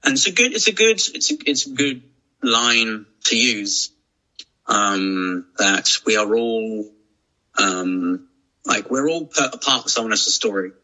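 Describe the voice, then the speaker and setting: A man's voice: lowish voice, sing-song, a little slow, bright, forceful tone, low-quality recording. A man, a podcast guest talking casually and reflectively, with many restarts and fillers. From England. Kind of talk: casual chat.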